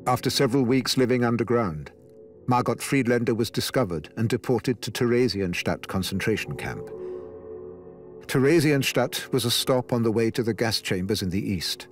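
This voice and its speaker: A man reading a documentary narration in an even, informative way. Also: mid-range voice, moderate pace, soft background music. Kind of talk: scripted narration.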